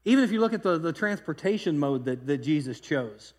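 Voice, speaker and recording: A pastor preaching a sermon in a loose, conversational way, telling stories with lively energy and frequent restarts. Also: male voice, on the high side, a little fast, in a large hall. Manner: conversational, animated storytelling with repeated restarts.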